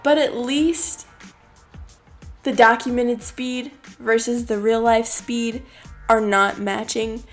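A woman's voice: fairly high pitch, fairly even intonation, slow pace, faint music behind. A young woman hosting a podcast, casually telling a personal story with a chatty, rambling manner full of fillers. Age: young adult. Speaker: podcast host.

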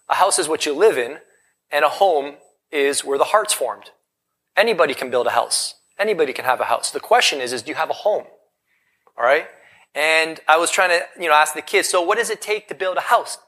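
A man giving a live motivational talk on stage, energetic and full of rhetorical questions to the audience. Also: fairly high pitch. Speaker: motivational speaker. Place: event hall in front of a live audience.

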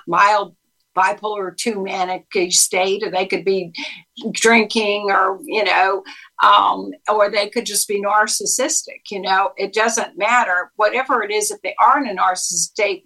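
A woman's voice: medium pitch, fairly even intonation, normal speed, bright, forceful tone, rough recording. A woman psychologist, a guest on a talk show, explaining a technique in an instructive way and quizzing the host. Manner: instructive, quizzes the listener, acts out quoted lines. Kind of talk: interview explanation.

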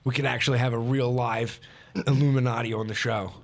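Brief: male co-host, mid-pitched voice, playful and jokey in banter. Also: fairly even intonation, a little fast. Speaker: podcast co-host. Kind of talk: casual chat.

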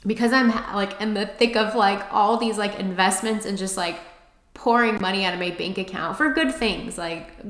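A woman hosting a casual self-help podcast, an expressive storyteller who fills her speech with "like". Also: mid-range voice. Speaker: podcast host. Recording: echoey room.

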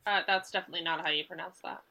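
A woman playing a tabletop game, chatting casually and telling stories in a blunt, animated way. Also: on the low side, very fast. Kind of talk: casual chat.

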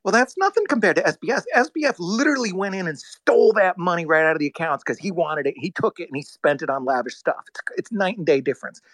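A man in casual talk as a guest, telling a story in a rambling, animated way, full of restarts and acted-out quotes. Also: high-pitched, quick pace, hardly any pauses, dry recording, low-quality recording. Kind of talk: casual storytelling on a live audio chat.

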